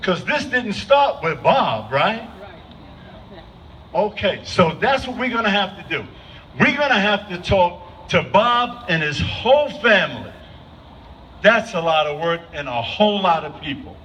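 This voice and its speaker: A man's voice: high voice, very animated, a little slow, a bit bright, far from the mic. A man giving an unscripted speech at an outdoor vigil, asking the crowd questions again and again. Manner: asks the crowd repeated questions. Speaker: speaker at a vigil. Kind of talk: impromptu public speech. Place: outdoor gathering. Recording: dull lo-fi with faint noise.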